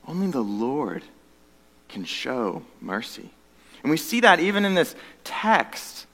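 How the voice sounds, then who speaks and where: A man preaching a sermon as pastor, earnest, moving between loud emphatic stretches and hushed, low passages. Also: big pitch swings, unhurried, long reverb tail.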